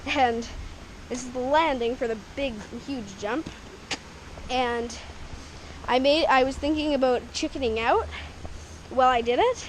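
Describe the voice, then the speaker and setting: A woman's voice: high-pitched, a little slow, pauses often, a little hiss or hum, low-quality recording. A woman from Canada walking through her backyard dirt track outdoors, rambling and chatty, giggling often as she talks to an action camera. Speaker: vlogger showing a homemade dirt bike track. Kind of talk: casual walkthrough narration.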